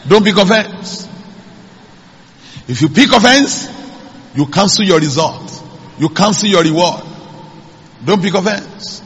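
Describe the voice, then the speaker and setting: A man's voice: sits high, a bit bright, breathy edge. A man, preaching a sermon as pastor and calling out to the congregation. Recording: echoey church hall.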